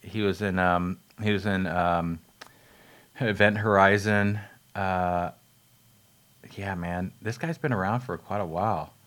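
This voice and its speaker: A man with a very low voice talks loosely about a movie, stumbling through fillers and restarts. He drifts off on tangents and laughs at his own slips, with an easy, offhand swear here and there. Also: fairly even intonation, takes it slowly, pauses often, fairly bright tone. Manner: rambling, many fillers and restarts, laughs at himself; swears casually. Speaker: film reviewer. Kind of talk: rambling casual movie talk.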